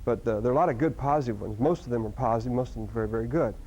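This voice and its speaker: Animated male seminar speaker, dull lo-fi sound. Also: mid-range voice, rapid-fire, slight background noise. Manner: animated, with sudden loud outbursts and many restarts. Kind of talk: live seminar talk to an audience. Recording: dull lo-fi recording.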